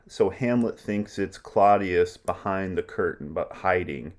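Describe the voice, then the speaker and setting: A man's voice: low-pitched, measured pace. A man teaching a class about a play, explaining lines in a casual way with many asides. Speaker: literature teacher. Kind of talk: lecture on a play.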